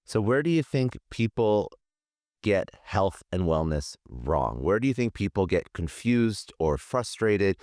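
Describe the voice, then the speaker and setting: A man's voice: low voice, dry recording, clean studio sound. A man hosting a podcast, asking long, thoughtful, winding questions. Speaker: podcast host. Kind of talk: interview questions.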